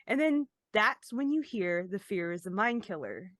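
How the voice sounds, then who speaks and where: A woman's voice: medium pitch, animated, normal speed, few pauses, fairly bright tone, no echo, clean studio sound. A woman co-hosting a podcast in casual chat, rambling and self-deprecating, laughing often. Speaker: podcast co-host.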